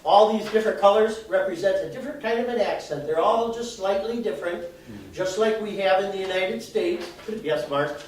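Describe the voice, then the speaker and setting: A man with a fairly high voice gives a live, chatty talk to an audience, explaining things with everyday examples and laughing at himself now and then. He sounds far from the mic in a very echoey hall. A faint noise sits under the recording. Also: normal speed, a little mellow. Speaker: presenter. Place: arts center event room, indoors.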